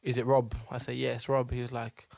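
A young man, co-hosting a podcast, telling an animated story and acting out the people in it. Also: mid-range voice, brisk, creaky, no room sound, clean studio sound. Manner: animated storyteller, acts out voices and laughs. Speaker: podcast co-host. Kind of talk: casual chat.

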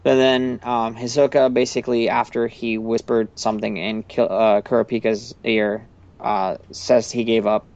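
A man's voice: mid-range voice, flat delivery, normal speed, darkish tone, dull audio. A man co-hosting a podcast in casual chat, rambling with many fillers and restarts. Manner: rambling, lots of likes and restarts. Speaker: podcast co-host.

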